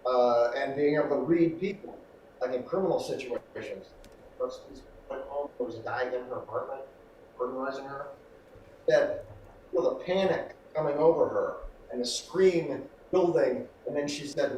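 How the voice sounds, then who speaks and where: A man's voice: medium pitch, moderate pace, a little hiss or hum. A middle-aged man, an acting coach, explaining technique in an interview and animatedly acting out exchanges. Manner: animated, acts out quoted exchanges. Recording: echoey room, voice far from mic.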